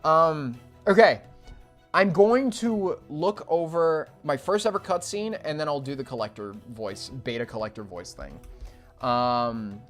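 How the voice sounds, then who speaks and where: A fairly high-voiced young man chats loosely on a home livestream. He rambles through fillers and restarts, dropping to mumbles and then bursting into loud, excited yelps. Faint music plays underneath. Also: a little slow. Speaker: streamer and animator. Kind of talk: casual livestream chat.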